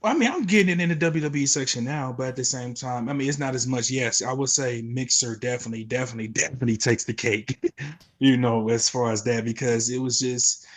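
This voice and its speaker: A man's voice: medium pitch, fast. A man talking as a guest on a podcast in casual, laid-back chat, full of slang and "man" and "bro".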